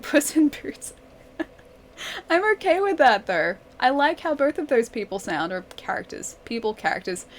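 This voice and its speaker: A young woman hosts a live game stream in a friendly, chatty way, giggling now and then as she answers her viewers one by one. Her voice sits a bit higher than most women's. A faint hiss runs under her speech. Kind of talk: casual live-stream chat.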